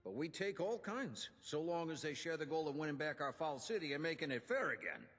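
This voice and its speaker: Gruff old inventor-quartermaster, folksy and showy, husky, lively pitch, reverb tail. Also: male voice, a little fast, heavily acted. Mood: earnest. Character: gruff older male union inventor and quartermaster. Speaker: game character giving quest dialogue.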